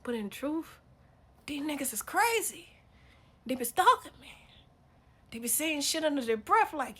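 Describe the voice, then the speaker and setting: Blunt, bright-voiced woman ranting. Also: sits high, big pitch swings, unhurried, long pauses. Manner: blunt and profane, swinging from muttered asides to loud outbursts. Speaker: spiritual reader. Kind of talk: casual rant to camera.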